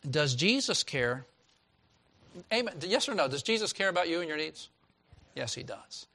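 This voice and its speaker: A man preaching a sermon as a pastor, reading scripture and swinging from loud exclaiming to hushed tones. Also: on the high side, big pitch swings, moderate pace, creaky.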